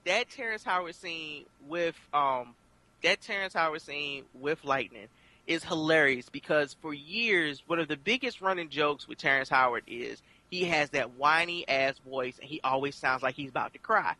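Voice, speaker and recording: A man chatting casually as a film reviewer, animated and quick to act out lines in put-on voices. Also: fairly high pitch, dry recording. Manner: animated, mimics characters in exaggerated voices. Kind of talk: casual chat.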